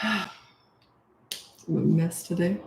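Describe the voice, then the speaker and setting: A woman's voice: lowish voice, slow, creaky, slight background noise. A woman who is a parenting coach, chatting casually and rambling on a live stream, laughing often. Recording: echoey room.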